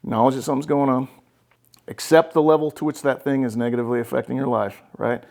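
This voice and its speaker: Blunt, gravelly-voiced male podcast host. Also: mid-range voice, fairly even intonation, quick pace, darkish tone. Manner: blunt, profane, emphatic, keeps checking with "right?". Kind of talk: casual podcast conversation.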